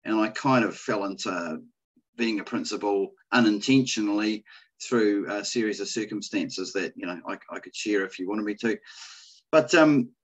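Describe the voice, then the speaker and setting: A man's voice: fairly low pitch, normal speed, highs cut off. A man, a school principal, speaking thoughtfully and with hesitation in a podcast interview. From New Zealand. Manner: thoughtful, hesitant, many fillers.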